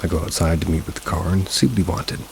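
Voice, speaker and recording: Deep, gravelly male story narrator. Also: fast talker, darkish tone, slight background noise, low-quality recording. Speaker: narrator of submitted paranormal stories. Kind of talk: scripted first-person story narration.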